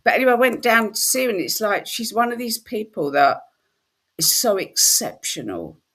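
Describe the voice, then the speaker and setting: Woman host, husky voice, very lively pitch, chatty storyteller. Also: normal speed. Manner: animated storytelling, slips into quoted voices. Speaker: spiritual workshop host. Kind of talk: casual chat.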